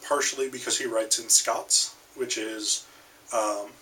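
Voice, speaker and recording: A man's voice: lowish voice, fairly even intonation, measured pace, pushed and bright, far from the mic, slight background noise, rough recording. An American man giving a casual recorded literature lecture, hesitant with many ums and restarts. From United States. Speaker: literature instructor.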